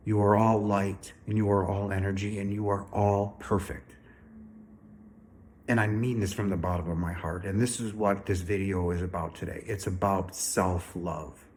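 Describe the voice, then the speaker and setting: A man talks straight to his viewers in an earnest, emphatic way. He repeats phrases and keeps calling out to "ladies and gentlemen." He says he is still a little sick. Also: medium pitch. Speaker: spiritual speaker. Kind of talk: earnest direct-to-camera talk.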